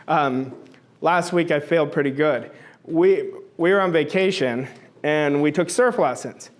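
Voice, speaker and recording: A man's voice: fairly high pitch, measured pace. A middle-aged man giving a motivational talk to an audience, emphatic and blunt, repeating his points and swearing now and then. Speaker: motivational speaker.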